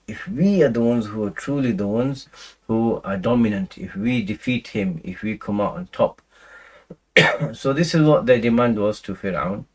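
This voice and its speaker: A man with a fairly low voice explains scripture in a loose, talky lecture. He restarts sentences, leans on "you know" and "right", and slips into Arabic recitation between explanations. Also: darkish tone, slightly rough, low-quality recording. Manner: conversational, many fillers and restarts, recites Arabic verses. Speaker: Quran teacher.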